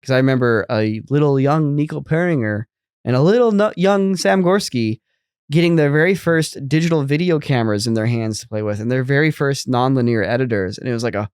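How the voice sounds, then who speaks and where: A man's voice: mid-range voice, expressive, brisk, a little mellow, clear, resonant tone, no room sound, studio quality. A man in his thirties co-hosting a podcast in casual chat, rambling with lots of fillers. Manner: rambling, many fillers and restarts. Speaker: podcast co-host.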